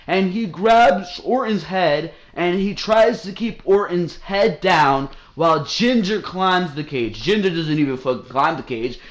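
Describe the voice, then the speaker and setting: A man reviewing a wrestling show in a casual, profane, sarcastic rant, sounding exasperated. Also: fairly high pitch.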